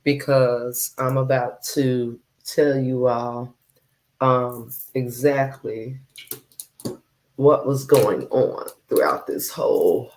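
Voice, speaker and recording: A woman's voice: a bass voice, slow pace, darkish tone. A woman hosting a live stream, chatting casually and unhurriedly to her viewers. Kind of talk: casual chat.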